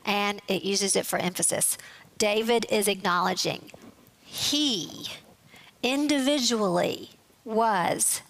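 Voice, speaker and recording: A woman teaching a Bible study, explaining scripture in a measured way and reading verses aloud. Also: medium pitch, fairly bright tone.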